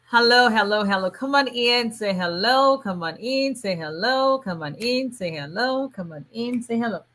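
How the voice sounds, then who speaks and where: A middle-aged woman hosts a casual livestream, greeting viewers warmly by name and chatting with frequent restarts and fillers. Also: on the high side, lively intonation, a little slow, pauses often. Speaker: immigration attorney hosting a livestream.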